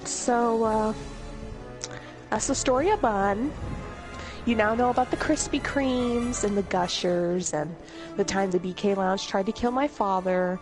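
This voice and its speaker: A woman's voice: mid-range voice, steady tone, a little slow, music in the background. A woman telling comedic stories in a casual, rambling way, laughing often and swearing freely. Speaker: storyteller host.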